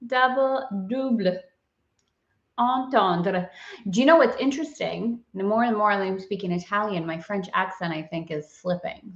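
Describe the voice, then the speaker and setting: A woman's voice: medium pitch, a bit bright. Bubbly gushing woman hosting a live stream. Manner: bubbly, gushing, laughs often. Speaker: host. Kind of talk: casual livestream chat. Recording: roomy, dull lo-fi sound.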